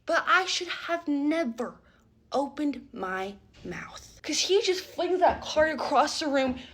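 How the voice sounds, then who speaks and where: In a storytime vlog, a young woman with a high voice slowly and casually recounts a wild dating story. She's animated and dramatic, frequently asking "okay?"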